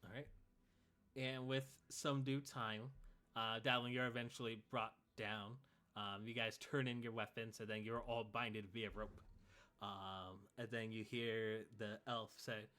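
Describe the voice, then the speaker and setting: A man narrating as game master of a tabletop game, speaking in a relaxed way with many fillers. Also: lowish voice, measured pace.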